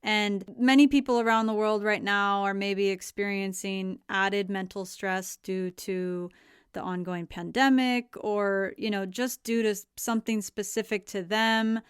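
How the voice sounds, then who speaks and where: A woman hosting a podcast, asking long, thoughtful questions in a measured way. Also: medium pitch, steady tone, clear, resonant tone, no room sound, clean studio sound. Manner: measured, thoughtful phrasing with fillers. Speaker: podcast host. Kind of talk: interview questions.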